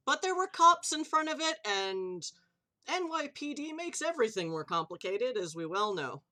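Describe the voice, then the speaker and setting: A woman's voice: fairly high pitch, sing-song, moderate pace, pushed and bright. A woman running a tabletop game on a live stream, chatty and loose, swearing casually and laughing easily. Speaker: game master.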